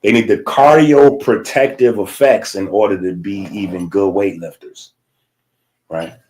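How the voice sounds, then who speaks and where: A man's voice: fairly low pitch, a little slow, darkish tone. A man teaching a casual lecture, explaining in a loose conversational way and checking in with frequent "right?" tags.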